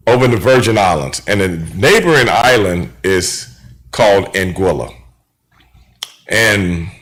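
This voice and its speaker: Lively low-voiced male radio storyteller. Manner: animated storyteller, acts out quoted dialogue, frequent "you know what I'm saying". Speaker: radio show host.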